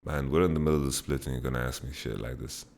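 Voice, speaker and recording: A man's voice: very deep voice, steady tone, quick pace, creaky, a little mellow. A man hosting a casual Q&A podcast, answering viewer questions bluntly and laughing them off. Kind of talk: casual chat, Q&A.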